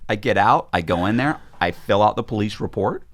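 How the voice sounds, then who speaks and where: A man's voice: on the low side, expressive, a little fast. A man, a podcast guest, telling a story in casual conversation, acting out quoted voices, with frequent restarts.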